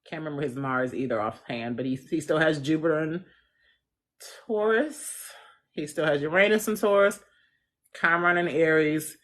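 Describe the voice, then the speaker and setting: A relaxed astrologer chats through a live stream on a phone. The voice sits at a middle pitch, with loose slang and easy laughter while answering viewers. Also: moderate pace. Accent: Central US. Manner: chatty, answers viewer comments. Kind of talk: casual livestream chat.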